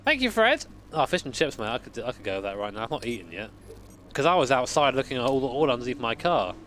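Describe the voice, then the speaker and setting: A man's voice: mid-range voice, very animated, fast, a bit bright, a little hiss or hum. A man in his late twenties, a sim racing streamer chatting casually with swearing and rambling stories. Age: late 20s. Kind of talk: casual live-stream chat.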